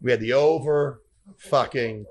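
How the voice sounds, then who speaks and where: A man's voice: medium pitch, a little slow, darkish tone. A man hosting a comedy podcast who tells a rambling story with lots of profanity.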